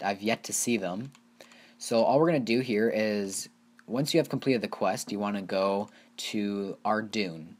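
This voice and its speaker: A man hosting his own gaming channel, giving casual, rambling gameplay commentary and getting excited over small wins. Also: fairly low pitch. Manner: rambling, easily excited, talks to viewers as "you guys".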